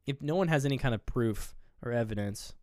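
A man's voice: mid-range voice, brisk, darkish tone, no room sound. Male podcast co-host, casual movie recap, dry close sound. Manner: rambling retelling of scenes, laughs often. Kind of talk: casual movie review chat.

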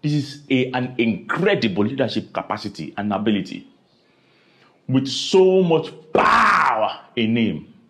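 A man preaching a sermon, dramatic, with sudden high cries and repeated questions. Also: big pitch swings, a little slow, fairly bright tone.

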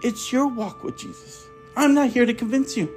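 A man hosting his own podcast, giving a fervent, repetitive testimony that swings between emphatic bursts and quiet asides. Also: extremely high pitch, moderate pace, faint music behind. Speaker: podcast host. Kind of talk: impassioned testimony preaching.

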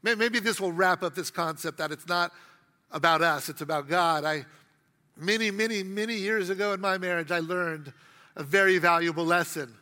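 A man's voice: high voice, moderate pace, sharp tone, in a large hall. A middle-aged man preaching a sermon with humor, acting out quotes while telling stories. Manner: humorous storytelling with acted quotes. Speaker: pastor.

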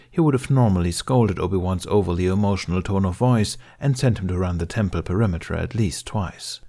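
Man, deep-ish voice, steady audiobook narrator, fan fiction reading.

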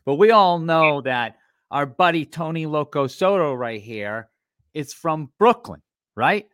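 A man's voice: fairly high pitch, expressive, a little slow, a bit bright, dry recording, clean studio sound. A man co-hosting a casual podcast, explaining a game in a playful, teasing way. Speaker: co-host.

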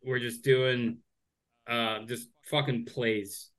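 Deadpan man co-host, mid-range voice, dry delivery. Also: mid-range voice, takes it slowly. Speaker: co-host, comedian. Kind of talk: casual podcast banter. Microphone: remote call.

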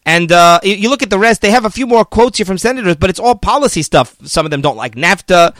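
Male political commentator, high voice, argumentative, casual, dry close recording. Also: fast talker, dry recording. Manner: animated, argumentative, mocking the media in quoted voices.

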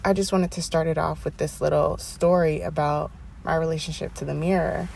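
A young woman hosting her own podcast, talking casually and animatedly, with sassy asides and drawn-out emphasis. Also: low-pitched, flat delivery, vocal fry, darkish tone, a little hiss or hum. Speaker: podcast host. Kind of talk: casual solo podcast monologue. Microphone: headphones, home podcast mic.

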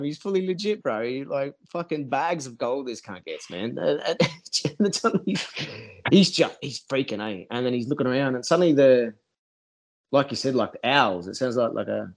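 A man's voice: medium pitch, lively intonation, normal speed. A man telling a rambling story in casual chat, swearing a lot and acting out what people said. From Australia. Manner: rambling, heavy swearing, acts out quotes. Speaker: podcast guest.

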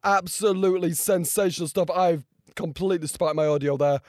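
A young man with a hoarse, strained voice, talking through a race in a casual, excitable and rambling way, full of fillers and restarts. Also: sits high, a little fast, dry recording, studio quality. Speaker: motorsport video creator. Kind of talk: casual reaction and race breakdown.

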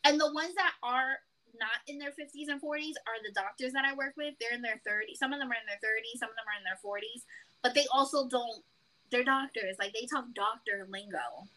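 A young woman with a Bronx accent, co-hosting a casual podcast chat, animated and profane, often laughing mid-sentence. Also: fairly high pitch, a little fast. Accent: Bronx New York. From New York. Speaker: podcast co-host.

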